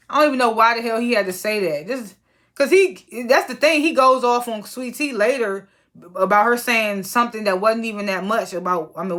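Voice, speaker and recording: A woman's voice: medium pitch, fairly bright tone. Chatty slangy woman recapping a show. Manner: chatty and slangy, frequent fillers, exasperated asides. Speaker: reality TV recap reviewer. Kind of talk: casual episode recap.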